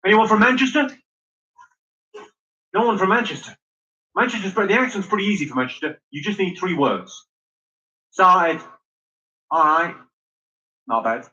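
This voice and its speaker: A man's voice: high-pitched, fairly quick, long pauses. A man doing a stand-up comedy set, working the crowd in a brash manner and swearing freely. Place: comedy venue with audience. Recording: muffled live recording with loud noise.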